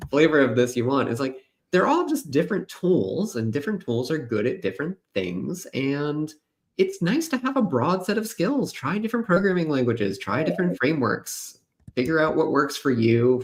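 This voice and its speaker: A man co-hosting a casual developer live stream. He talks in a calm, reflective way and often adds "right?". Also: mid-range voice.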